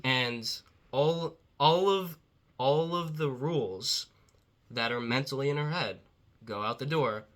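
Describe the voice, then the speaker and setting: A man talking as a dating coach in a casual motivational talk, blunt and profane, quoting others in quick asides. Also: mid-range voice, a bit bright.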